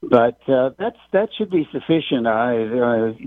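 Man, radio call-in caller, halting, restarts, phone-line sound, dry. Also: mid-range voice, animated, no echo.

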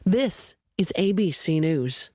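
Crisp woman reading network news. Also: lowish voice, expressive, warm tone, no room sound, studio quality. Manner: crisp measured newsreader delivery. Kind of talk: newscast reading.

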